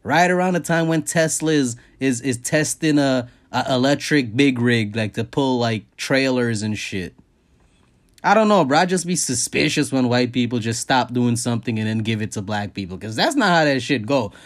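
A man hosting a podcast, ranting casually and profanely, jumping up high in pitch to stress his points. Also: moderate pace. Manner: profane, animated, jumps high in pitch for emphasis. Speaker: podcast host. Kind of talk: casual comedic rant.

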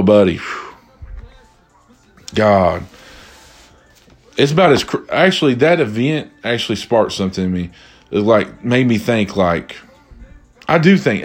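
A man telling a casual story to viewers, animated and exasperated, rambling and repeating himself. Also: medium pitch.

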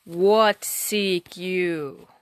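A woman voicing a huge, ancient male giant lord who speaks slowly and commandingly. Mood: stern. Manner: slow, booming, commanding.

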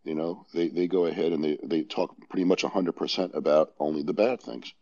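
A man with a New York accent explaining his view as a guest on a casual panel discussion, measured and thinking aloud. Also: low voice, darkish tone. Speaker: guest on a legal podcast. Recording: dull lo-fi audio.

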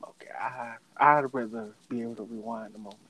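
A man in casual chat, arguing his point in a quick back-and-forth. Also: medium pitch, flat delivery, a bit bright, low-quality recording.

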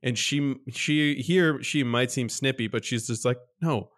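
A man co-hosting a podcast, telling a story in casual chat and jumping up in pitch when he acts out his exasperation. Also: a little slow. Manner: animated storyteller, jumps high when mimicking exasperation. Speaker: podcast co-host.

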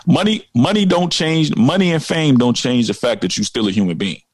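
A man talking with animation in a relaxed chat, leaning on fillers and emphasis. His voice sits at an ordinary pitch. The sound is dry and close, with no room echo. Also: brisk. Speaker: podcast co-host. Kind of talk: casual chat.

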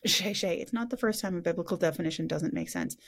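A woman's voice: on the low side, huge pitch swings, quick pace. A woman hosting a casual spiritual podcast, talking frankly, swearing now and then and laughing easily. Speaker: podcast host.

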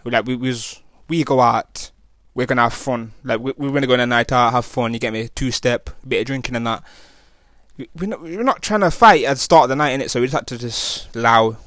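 A young man from England with a Nottingham accent talks in loose street slang, full of fillers and restarts. His voice sits at an ordinary middle pitch. The recording is dry and close. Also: a little fast, fairly bright tone, dry recording. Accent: Nottingham, East Midlands English. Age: young adult. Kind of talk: casual personal testimony.

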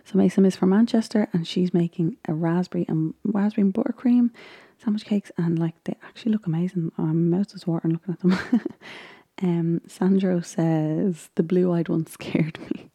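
A woman's voice: on the low side, fairly even intonation, normal speed, warm tone, slightly rough. A woman vlogger chatting casually as she recaps a baking show, rambling with frequent ums and little laughs. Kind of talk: casual chat.

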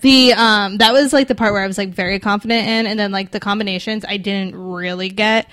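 A woman's voice: mid-range voice, steady tone, a little fast, a bit bright. A young adult woman co-hosting a podcast in casual chat, rambling with lots of filler words. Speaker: podcast co-host.

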